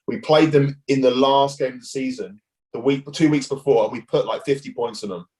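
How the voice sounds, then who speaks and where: A man's voice: mid-range voice, a little fast, darkish tone, rough recording. A man in his thirties, a former rugby player, casually telling stories as a podcast guest and swearing freely. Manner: laid-back storytelling, swears freely. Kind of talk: casual chat.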